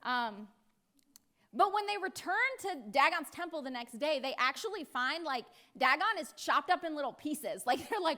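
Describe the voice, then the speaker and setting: A woman's voice: very high-pitched, expressive, normal speed, bright, forceful tone. An American woman pastor preaching a sermon in a playful way, acting out voices now and then. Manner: playful, acts out voices with laughs.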